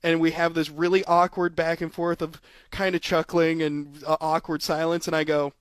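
A man's voice: a little high, level tone, moderate pace, smooth, no echo. A man co-hosting a sports podcast, telling stories animatedly, laughing often and acting out voices in casual chat. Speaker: podcast co-host.

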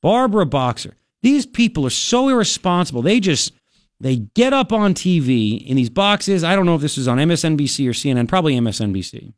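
A man's voice: on the high side, very animated, fairly quick, no room sound, studio quality. A male talk radio host giving an emphatic, ranting political commentary.

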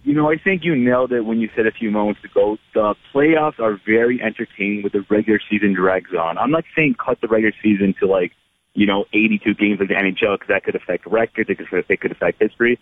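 A man from Canada calling into a sports radio show, talking quick and casual. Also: fairly low pitch, no room sound. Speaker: caller. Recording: tinny phone line.

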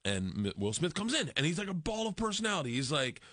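A middle-aged man telling an excited, animated story as a talk show guest and acting out the other voices in it. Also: fairly high pitch, fast, no echo. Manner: excited, laughing, acts out voices in dialogue.

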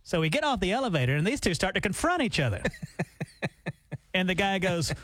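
Radio guy chatting, highish voice that bounces all over, dry studio sound. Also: brisk, long pauses, dry recording. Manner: animated storyteller, chatty. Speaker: radio show co-host. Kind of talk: casual morning radio banter.

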